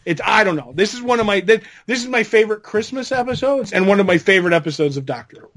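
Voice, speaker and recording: This is a man with a high voice chatting casually as a podcast co-host. He is excitable and jokey, and he keeps slipping into quick impressions of other people. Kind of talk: casual chat.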